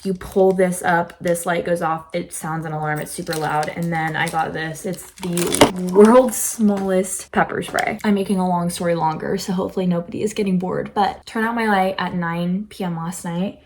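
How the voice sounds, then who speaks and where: A teenage girl tells a long story in a casual vlog, rambling and full of fillers as she relives it. Her voice sits a little lower than most girls'. She sounds like she is talking to the camera from her bedroom at home. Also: fairly even intonation, moderate pace, hardly any pauses, noisy background. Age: teens. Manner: rambling, filler-heavy, emotional retelling. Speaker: vlogger.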